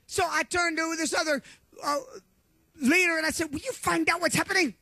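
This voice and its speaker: A male preacher with a very high, bright, forceful voice tells a story from the pulpit, and he often breaks into shouts. The sound is close and dry. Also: fairly even intonation, a little fast, no echo. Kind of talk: sermon.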